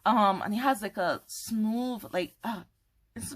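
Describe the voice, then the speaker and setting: A woman unboxing a tarot deck on camera, gushing and excitable, apologizing and laughing often. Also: medium pitch, measured pace. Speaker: tarot content creator. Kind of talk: casual unboxing chat to camera. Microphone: camera mic, holding cards up to camera.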